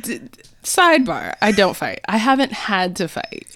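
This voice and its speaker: A woman's voice: mid-range voice, huge pitch swings, measured pace, a bit bright, dry recording. Brash, joking woman on a dry mic. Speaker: podcast co-host. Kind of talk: casual chat.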